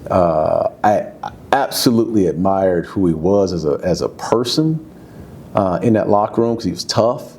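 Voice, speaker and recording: A man in his fifties, a former football player, telling stories in a candid, casual interview, his voice jumping high when he gets excited. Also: moderate pace, slight background noise. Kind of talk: candid conversational storytelling.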